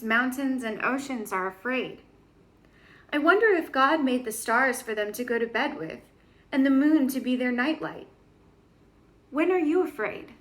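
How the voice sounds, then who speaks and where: Woman, high voice, gentle storybook reading, questions for young listeners. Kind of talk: reading a children's book aloud.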